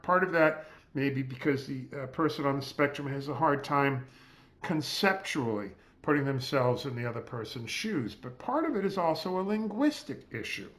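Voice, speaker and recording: A man, a physician, giving a measured, explanatory lecture over slides while seated at a close mic. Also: medium pitch, a bit bright. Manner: measured, explanatory, spells out terms.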